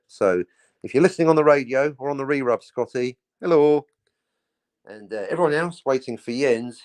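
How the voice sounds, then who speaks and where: A man's voice: medium pitch, no room sound. A man co-hosting a podcast, filling time with playful, jokey banter in a casual chat. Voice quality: playful, jokey, lively delivery. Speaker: podcast co-host. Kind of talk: casual chat, joking monologue.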